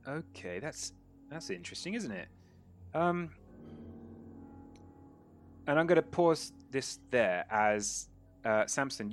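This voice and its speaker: A man narrating as game master of a tabletop role-playing game, relaxed and storytelling, with many fillers. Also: on the low side.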